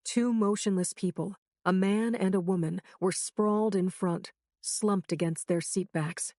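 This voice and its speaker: A woman's voice: medium pitch, steady tone, measured pace, darkish tone, no echo, clean studio sound. A woman narrating a crime thriller audiobook in the first person with a tense, urgent reading.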